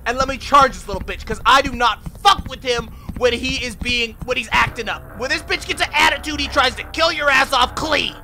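A man doing excitable, profane let's play commentary on a horror game, yelling at the game and talking to viewers as "y'all". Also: very high voice, a little fast, hardly any pauses. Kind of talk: casual gameplay commentary. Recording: game music loud behind the voice. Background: horror game music.

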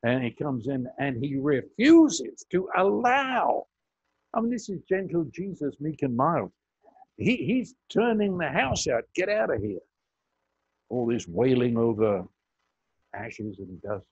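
Older male preacher, gravelly husky voice, slow emphatic sermon, muffled dull recording. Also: big pitch swings, dry recording. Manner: slow, emphatic preaching with dramatic pitch swings. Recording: muffled audio with buzz.

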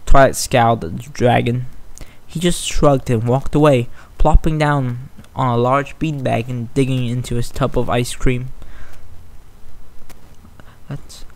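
A man's voice: mid-range voice, fairly even intonation, normal speed, low-quality recording. Brief: amateur male story reader, plain, slight stumbles. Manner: plain narration with small stumbles. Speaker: narrator.

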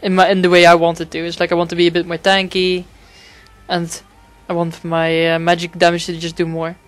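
A man's voice: on the high side, monotone, a little fast, a bit bright, smooth. A man giving casual gameplay commentary, rambling and swearing a lot, with frequent fillers and restarts. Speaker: gaming commentator.

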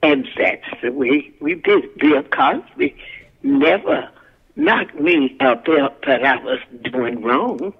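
A woman's voice: deep voice, sing-song, slow, breathy edge, dull audio. An older woman, a guest actress and singer, telling stories from her career in a folksy, country-spoken way. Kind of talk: casual storytelling interview.

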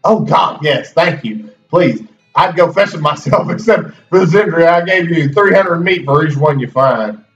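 Guy voicing a sad-sack horse dealer, slow and whiny, muffled room sound. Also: on the high side, expressive, fairly bright tone. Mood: hopeful. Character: worried old-west horse seller, weary. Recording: roomy, distant, dull, faint music.

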